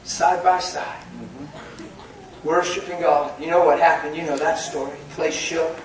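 A man preaching a sermon in a folksy way, laughing often and rising to shouts. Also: fairly high pitch, fairly even intonation, a little slow. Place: church hall. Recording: echoey hall from far off.

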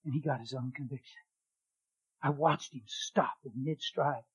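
A middle-aged man preaching, telling a testimony in a dramatic way that swings from loud exclaiming to a hushed near-whisper. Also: mid-range voice, steady tone, normal speed, husky, rough recording. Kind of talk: sermon testimony storytelling.

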